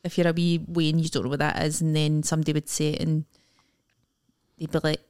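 A woman's voice: low voice, little pitch movement, quick pace, a little mellow, smooth. A young Scottish woman co-hosting a casual podcast, rambling and acting out little bits of dialogue. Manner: rambling, acts out quoted dialogue. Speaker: podcast co-host. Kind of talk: casual chat.

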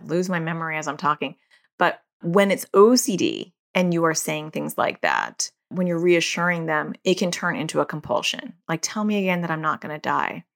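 A woman's voice: lowish voice, a bit bright. Candid woman hosting a parenting podcast. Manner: candid, conversational, laughs at herself. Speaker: podcast host. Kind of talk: solo parenting podcast talk.

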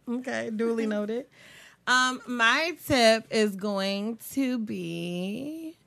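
Woman, fairly high bright voice, lively pitch, playful, teasing, casual chat. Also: gravelly. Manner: playful, teasing, quick reactions. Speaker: podcast co-host.

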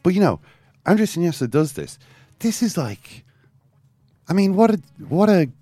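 A man hosting a podcast, telling a football story with animated, storytelling energy and reading quotes aloud. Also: high-pitched, moderate pace, no room sound. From Ireland. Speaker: podcast host. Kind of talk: casual football chat.

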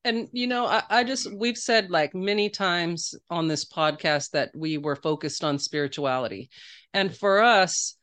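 A woman's voice: fairly low pitch, a little slow, fairly bright tone. A woman guest on a podcast, speaking earnestly and reflectively in a casual conversation.

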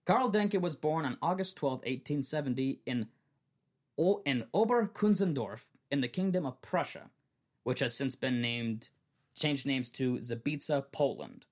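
Lively young man telling a story. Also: mid-range voice, measured pace. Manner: chatty, restarts often, laughs along. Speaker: podcast host. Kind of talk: casual podcast storytelling.

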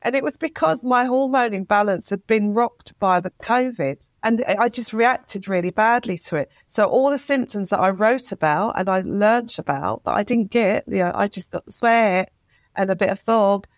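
A woman's voice: mid-range voice, normal speed, no room sound. A woman, a writer speaking as an interview guest, retelling her experience with feeling and acting out quotes. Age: 50s. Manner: emotional, animated retelling with acted-out quotes. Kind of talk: candid interview talk.

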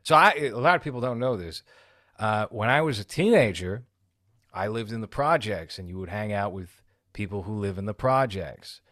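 A man co-hosting a casual movie review chat, telling stories in an animated way and laughing often. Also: fairly low pitch, moderate pace, dry recording, studio quality. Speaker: podcast co-host.

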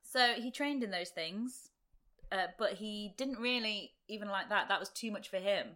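A young woman hosting a true-crime podcast, chatting fast and laughing often. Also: mid-range voice, animated, sharp tone. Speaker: podcast host.

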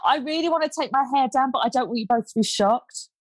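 A woman's voice: high-pitched, fast talker, dry recording. A woman co-hosting a casual podcast chat, playful and cheeky, swearing casually. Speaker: podcast co-host.

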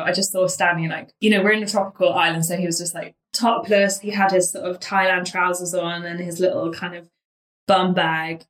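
A woman from London telling a story about herself in a casual way, lively, often laughing and acting out what she said back then. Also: mid-range voice, echoey room, rough recording. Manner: animated, laughing, acts out her own past lines.

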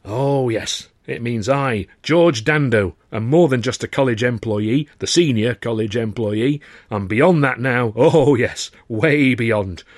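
A man reading an audiobook, voicing a jovial older college porter who boasts warmly about his son. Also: mid-range voice, slow, no room sound, clean studio sound. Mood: self-satisfied. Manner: boastful, hearty, warmly proud. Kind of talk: audiobook character voice.

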